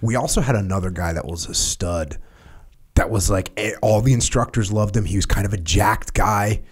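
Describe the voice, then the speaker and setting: A middle-aged man hosting a podcast, trading training memories in casual chat, animated, laughing, and swearing freely. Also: fairly low pitch, moderate pace, slightly rough. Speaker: podcast host, former Navy SEAL. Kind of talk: casual conversation.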